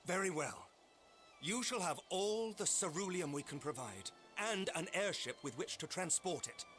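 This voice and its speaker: A man voicing an earnest, formal nobleman who leads a holy city, speaking in measured, courtly phrases. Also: sits high, lively intonation, fairly bright tone. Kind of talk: formal game dialogue. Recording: game audio with faint music. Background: faint game music.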